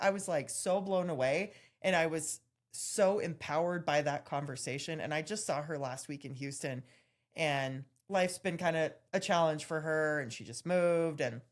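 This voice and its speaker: Low-voiced woman, candid and animated. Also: normal speed. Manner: candid, animated storytelling with laughs. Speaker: podcast co-host. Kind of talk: casual chat.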